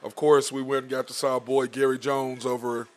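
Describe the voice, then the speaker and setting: A man's voice: mid-range voice, level tone, brisk, faint music behind. A man hosting a casual sports podcast, loose and rambling, laughing as he tells stories. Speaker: podcast host. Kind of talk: casual sports show chat.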